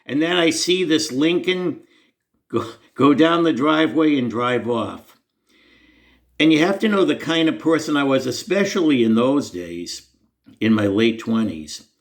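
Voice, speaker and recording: A man's voice: medium pitch, expressive, a little slow. Man, earnest, conversational, self-deprecating, inspirational story to camera. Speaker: Christian storyteller.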